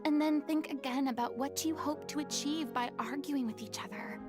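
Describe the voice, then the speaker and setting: A woman's voice: sits high, moderate pace, natural voice. An actress voicing a young woman who firmly lectures a quarreling stage troupe in a game scene. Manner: firm, lecturing. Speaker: troupe mediator. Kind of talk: game voice acting. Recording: game music underneath. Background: music.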